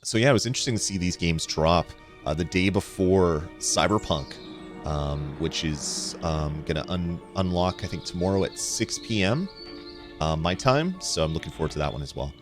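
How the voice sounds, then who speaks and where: A man's voice: low-pitched, animated, moderate pace, music in the background. A man hosting a gaming channel, chatting casually over gameplay, laughing often and trailing off with fillers. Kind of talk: casual let's-play commentary.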